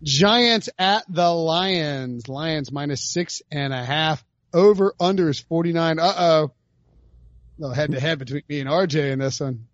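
A man co-hosting a sports betting chat, brash and heated, calling picks with loud rising outbursts. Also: a little high, measured pace, dry recording, muffled recording. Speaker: podcast co-host making picks.

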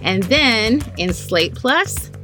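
A woman's voice: on the high side, animated, drawn-out words. Woman hosting a podcast over music. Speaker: podcast host.

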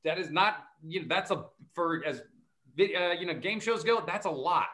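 A man's voice: sits high, animated, moderate pace, a bit bright. A man who is an actor and comedian, chatting as a guest with a joking, self-mocking manner. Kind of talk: casual chat.

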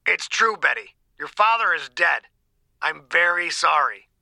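A man's voice: fairly high pitch, expressive, a little slow, creaky, pushed and bright, no echo, exaggerated voice. A man doing a cold, blunt doctor. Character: blunt, cold male doctor, grieving father type.

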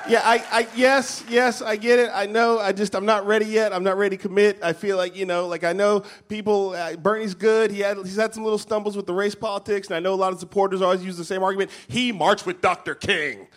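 A man performing an animated stand-up comedy set on a live stage, with lots of asides. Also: high voice, quick pace, hardly any pauses. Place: live theater stage before an audience. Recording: live stage with audience and room noise.

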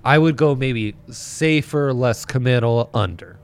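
A man's voice: medium pitch, measured pace, smooth. A man in his thirties co-hosting a casual sports-betting podcast, teasing and playful. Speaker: podcast co-host. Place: studio in Colorado.

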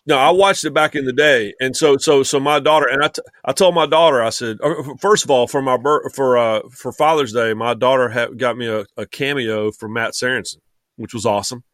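A man's voice: medium pitch, brisk, a bit bright, dry recording. A man chatting as a guest on a sports podcast, rambling with many restarts and fillers. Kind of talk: casual chat.

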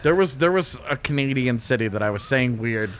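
Animated, laughing podcast co-host, male. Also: medium pitch, a little fast, a crowd in the background. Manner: animated, laughing, calls people dude. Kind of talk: casual chat.

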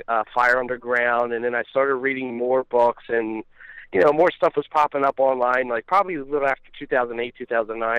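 A man from Philadelphia, a documentary filmmaker guest, telling his story in a steady order with fillers, heard over dull, dry remote audio. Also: medium pitch, clean tone, dry recording. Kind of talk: casual interview answers.

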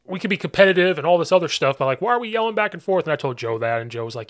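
A man hosting a casual podcast, a football coach himself, talking in animated bursts and laughing along. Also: on the high side. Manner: animated, laughs along, quick back-and-forth. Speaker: podcast host and high school football coach.

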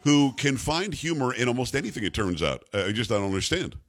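A man's voice: medium pitch, animated, a little fast, soft background music. A middle-aged man hosting a talk radio show, chatty and joking, laughing often as he banters with his co-host.

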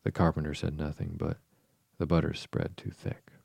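Guy reading a bedtime story, super low voice, flat and calm, dark tone. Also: gravelly, breathy edge, no room sound. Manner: slow, soothing, measured. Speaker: podcast host and reader.

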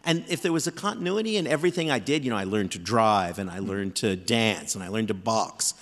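A man in his fifties, an author guest in a live stage interview, telling self-deprecating stories in an animated way. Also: fairly low pitch, fairly quick. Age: 50s. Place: theater stage before live audience. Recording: long hall reverb from stage.

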